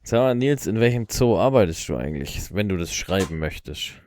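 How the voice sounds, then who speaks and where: A man's voice: deep voice, animated, fairly quick, darkish tone, slight background noise. A man giving casual, laid-back reaction commentary with amazed remarks. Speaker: reaction video host.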